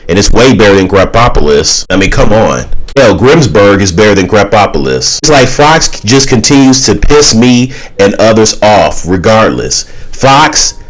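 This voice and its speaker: A man's voice: on the low side, rough recording. A man giving a casual, exasperated opinion rant as a YouTuber. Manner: exasperated, ranting.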